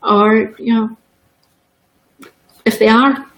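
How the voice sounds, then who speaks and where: A woman's voice: a little high, fairly even intonation, slow pace, low-quality recording. A middle-aged woman telling personal stories in an open, emotional way, often repeating words. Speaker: guest. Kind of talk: candid personal storytelling.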